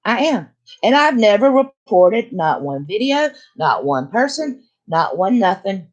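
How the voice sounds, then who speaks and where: A woman's voice: mid-range voice, big pitch swings, measured pace, darkish tone, lo-fi sound. An older woman hosting a casual chat, talking bluntly and emphatically. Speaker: channel host.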